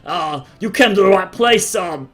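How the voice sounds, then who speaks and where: A man voicing a boisterous male dwarf brewer and father, a pushy salesman who talks loudly and eagerly. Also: high voice, expressive, moderate pace, crowd noise, pitched above the performer's own voice. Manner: loud, hearty and eager.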